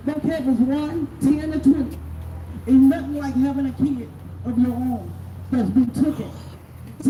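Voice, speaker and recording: A middle-aged bereaved mother giving a raw, angry speech to a crowd at an outdoor protest. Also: high voice. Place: outdoors at a protest by city hall. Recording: distant echoey noisy outdoor recording.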